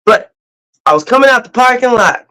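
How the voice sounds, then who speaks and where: Chatty host on a livestream, laughs a lot, tells stories all animated, smooth clear voice. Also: medium pitch, brisk, low-quality recording. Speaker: cruise channel host. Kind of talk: casual livestream chat.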